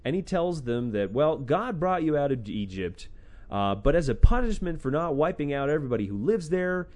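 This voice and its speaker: A podcast host with a medium-pitched, slightly mellow voice retells a book of scripture casually, sarcastically and profanely, breaking into acted-out quotes as irreverent storytelling.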